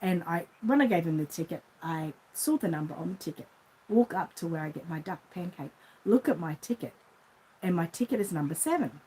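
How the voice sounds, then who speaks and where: In a rough recording, a warm, slightly rough, lowish voice belongs to a middle-aged Australian woman who runs a reborn doll shop. Expressive and fairly quick, she rambles chattily through an everyday vlog story, performing the voices in her anecdote.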